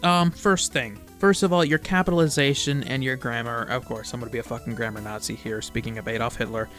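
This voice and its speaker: A man's voice: medium pitch, a bit bright. A man reading a story aloud with comedic commentary, exasperated, stammering and swearing as he reacts. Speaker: creepypasta reviewer.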